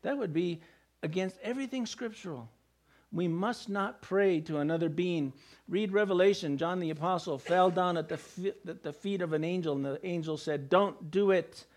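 A man's voice: high-pitched, normal speed. A male pastor preaching a sermon, emphatic and firing rhetorical questions at the congregation.

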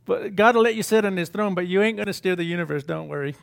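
A man's voice: high voice, fast, gravelly. An older man preaching an informal sermon in a folksy, emphatic way, chuckling at his own asides.

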